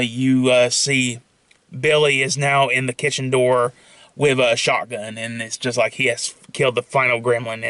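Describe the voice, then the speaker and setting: A young man pitching his own film idea in a casual, rambling monologue full of fillers and restarts. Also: fairly bright tone, no room sound.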